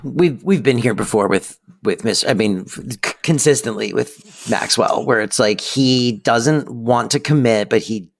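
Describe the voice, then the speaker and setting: A man's voice: medium pitch, measured pace, creaky, few pauses. A man co-hosting a podcast, chatting casually and enthusiastically about a sitcom episode. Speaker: podcast co-host. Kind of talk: casual chat recapping a sitcom.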